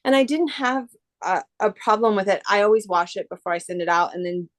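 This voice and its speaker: A woman from the San Francisco Bay Area who customizes shoes as an artist chats casually in a video-call interview, rambling and restarting her sentences often. Her voice is medium in pitch and her pace a little fast.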